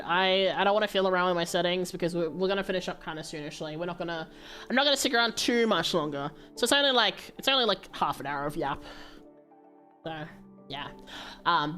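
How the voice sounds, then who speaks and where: A woman with a low voice rambling casually to her viewers during a livestream, with fillers and laughs. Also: a bit bright. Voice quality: low-pitched voice.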